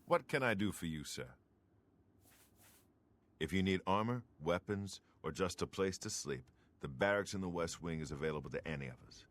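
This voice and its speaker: An actor playing a loyal, formal knight guard in a fantasy video game, speaking respectfully. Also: male voice, low-pitched, animated, moderate pace, a bit bright. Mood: dutiful. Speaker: game character.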